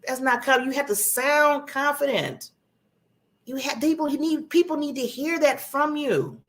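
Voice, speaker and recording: A woman hosting her own talk show, giving a motivational talk in a conversational, animated way and acting out contrasting voices. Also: fairly high pitch, normal speed, gravelly. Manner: conversational, laughs at herself.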